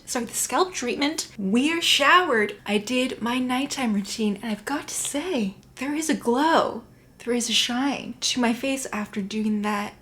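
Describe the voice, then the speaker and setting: High-voiced chatty woman vlogging at home. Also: a bit bright. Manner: chatty and playful, drops into whispers now and then. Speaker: beauty vlogger. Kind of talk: casual chat to camera. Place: at home, at night.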